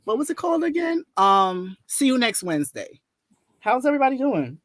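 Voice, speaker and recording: High-voiced chatty man hosting a live stream. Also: normal speed, dry recording. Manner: chatty, laughs often, lively. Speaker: host. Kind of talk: casual live-stream chat.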